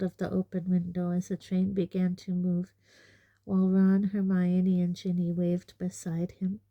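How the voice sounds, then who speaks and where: A woman narrating an audiobook in a measured, unhurried, gentle way. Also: lowish voice, monotone, dry recording. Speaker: audiobook reader.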